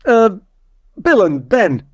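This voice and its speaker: A man's voice: high voice, wildly swooping pitch, takes it slowly, no room sound, studio quality, exaggerated voice. A man playing a brusque middle-aged director running nativity auditions in a radio sitcom. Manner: brusque, dismissive. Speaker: show director. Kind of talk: comedy radio sitcom acting.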